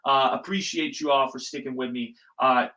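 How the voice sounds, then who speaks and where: A young man hosting his own podcast, ranting casually and emphatically and swearing freely as his voice jumps between loud and quiet. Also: mid-range voice, moderate pace, rough recording. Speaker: podcast host. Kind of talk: casual solo podcast rant.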